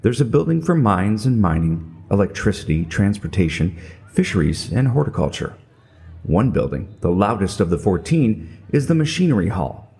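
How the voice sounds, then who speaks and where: A man's voice: on the low side, sing-song, moderate pace, gravelly, darkish tone. A middle-aged man telling a scripted comedic story in a wry, self-mocking way. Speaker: podcast narrator.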